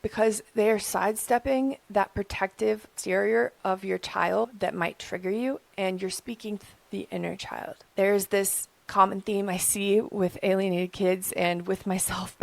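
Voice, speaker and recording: A young adult woman hosting an advice channel, talking calmly and earnestly from her own experience. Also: mid-range voice, gravelly, no echo. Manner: gentle, earnest, speaking from personal experience. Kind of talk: calm advice talk to camera.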